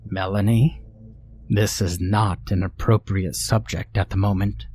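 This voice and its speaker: Cast: a man doing a spiteful old aunt-monster, low and slow, storybook horror. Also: steady tone, a little mellow, slight background noise. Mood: sharp cold. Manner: cold, menacing, drawn-out taunting. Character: hateful old aunt turning monstrous, female.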